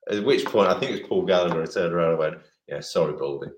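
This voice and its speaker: A middle-aged man tells a rambling story in a relaxed interview, his voice sitting fairly low. He stumbles and restarts often and slips into other people's voices for the quotes. The room adds a noticeable echo. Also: very fast. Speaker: former goalkeeper, guest. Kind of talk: casual anecdote-telling. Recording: roomy echo.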